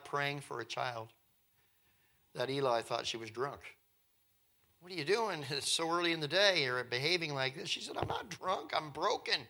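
A man's voice: medium pitch, bright, forceful tone. A man preaching a sermon as a pastor, earnest and conversational, with emphatic repetition.

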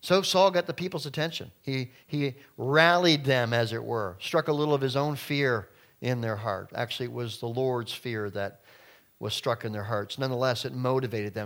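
A man's voice: medium pitch, normal speed, fairly bright tone. A man preaching a sermon in numbered points, acting out quoted voices along the way. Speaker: pastor.

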